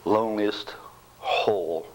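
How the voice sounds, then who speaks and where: Older man in his sixties, low voice, halting and repetitive delivery with whispered stretches, telling a personal faith testimony. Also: noisy background. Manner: halting, repeats words, drops into whispers. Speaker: bereaved father.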